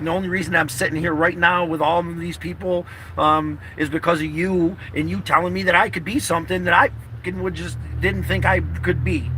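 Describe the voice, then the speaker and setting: A man records a casual vlog from a car, his voice sitting a little high. He talks in a heartfelt, rambling way and swears freely. Clear outdoor and road noise runs underneath. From New York. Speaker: vlogger. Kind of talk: emotional casual vlog talk.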